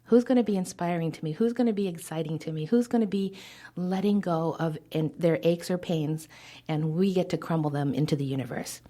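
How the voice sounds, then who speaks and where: A woman advising as a podcast guest, telling stories with animated acted-out dialogue and dropping to a hushed whisper now and then. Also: lowish voice, a little fast. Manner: animated storyteller who acts out quoted dialogue. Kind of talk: podcast interview storytelling.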